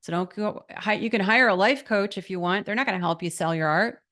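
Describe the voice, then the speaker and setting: A woman's voice: medium pitch, brisk, sharp tone. A middle-aged woman leads an online course lesson as a mentor for artists. She speaks in an emphatic, motivational way and keeps throwing rhetorical questions at her listeners. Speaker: art business mentor.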